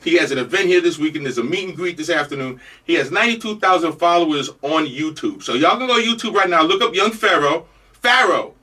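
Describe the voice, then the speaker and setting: A senior man hosting talk radio in a New York Jamaican accent, rattling along fast in a high, bright voice. He has a cold and rambles with jokes. The mic sits a bit away from him. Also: animated, recorded from a distance. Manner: loose, joking, rambling. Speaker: radio host. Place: radio studio.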